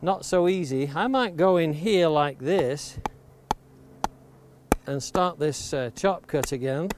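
A man with a fairly high voice gives a hands-on axe-carving lesson outdoors. He explains steadily and patiently, keeps coming back to safety, and axe chops click through the noisy recording. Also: slow. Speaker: woodworking instructor. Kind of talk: hands-on demonstration. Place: outdoors near the coast. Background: axe chopping clicks.

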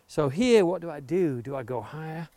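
By the coast, a man teaches woodworking outdoors, patiently explaining each step as he carves with an axe and emphasizing safety. His fairly high voice has lively intonation and a dark tone, at normal speed, with no room sound but the click of axe chops in the background.

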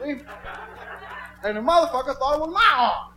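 An older man telling rambling, profane stories, laughing and swinging from mutters to shouts. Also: very high voice, lively intonation, normal speed, noisy background. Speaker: storyteller. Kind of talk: profane anecdotal storytelling. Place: outdoors.

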